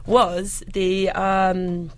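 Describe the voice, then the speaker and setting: A woman's voice: medium pitch, level tone, very slow. A young woman hosting a student radio chat, chatty and self-mocking, often laughing. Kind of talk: casual chat interview.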